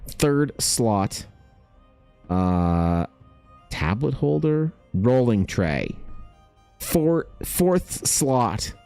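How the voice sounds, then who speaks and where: A young man streaming casually, excitable and thinking aloud, swearing freely as he chats. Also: mid-range voice, drawn-out words, creaky, long pauses, faint music behind. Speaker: art streamer. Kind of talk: casual livestream chat.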